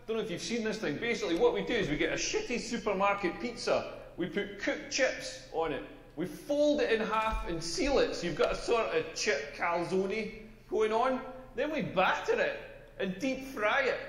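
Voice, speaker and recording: An actor playing a crude, brash Scottish stand-up comedian, with a punchline-driven delivery. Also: male voice, sits high, fairly bright tone, reverberant, long reverb tail, far from the mic.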